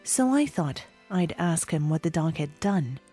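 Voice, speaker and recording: Female audiobook narrator: low, warm tone, slow, measured delivery. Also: very animated, soft background music. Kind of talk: audiobook reading.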